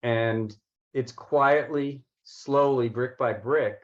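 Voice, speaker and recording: A man's voice: mid-range voice, slow, highs cut off. A man co-hosting a podcast, responding in a thoughtful, somewhat hesitant way. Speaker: podcast co-host. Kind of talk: political discussion.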